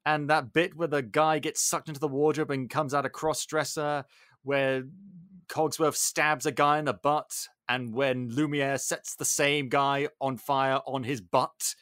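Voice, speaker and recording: A man hosting a podcast, retelling a film plot in animated, jokey casual chat. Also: medium pitch, unhurried, no room sound, studio quality. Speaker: podcast host.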